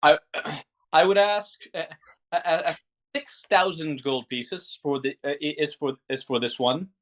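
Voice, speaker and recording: A game master voicing a polite male shopkeeper who sells weapons, talking in a formal, halting sales patter. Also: medium pitch, steady tone, a bit bright, close to an everyday voice. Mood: salesy.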